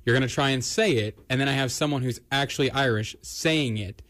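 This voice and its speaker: A man co-hosting a radio show, calmly explaining the rules of a game. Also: medium pitch, fairly quick. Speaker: radio co-host.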